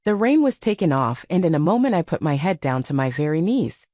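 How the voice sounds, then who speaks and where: A woman narrating an audiobook in a measured storytelling manner. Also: low-pitched, big pitch swings, mellow, no room sound, clean studio sound. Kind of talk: scripted narration.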